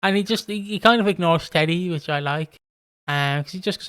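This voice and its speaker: Here an Irish co-host talks casually through a soap recap on his podcast, acting out what the characters say. His high-pitched voice moves a little fast and has a fairly bright, smooth tone on a dry recording.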